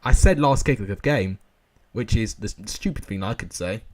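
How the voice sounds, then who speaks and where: A young man commentating football games live for viewers, excitable and out of breath. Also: fairly low pitch, normal speed. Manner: shouts and laughs at goals, chats with viewers.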